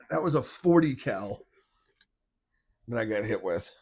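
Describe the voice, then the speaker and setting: With a fairly low, husky voice of darkish tone, a man hosts a podcast in a casual, wandering monologue. He starts over often and gets blunt and mocking at times, swearing occasionally.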